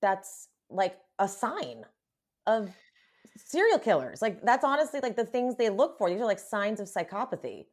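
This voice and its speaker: A woman hosting a podcast in casual chat, expressive, with many agreeing murmurs. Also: medium pitch, normal speed. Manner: expressive, lots of agreeing murmurs, reads news reports aloud.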